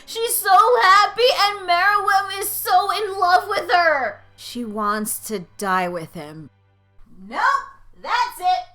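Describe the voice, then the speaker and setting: Animated young woman reading comments. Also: very high-pitched, slow pace, hardly any pauses, faint music behind. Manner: emotional, swearing, mock-sobbing. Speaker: video host reading fan comments.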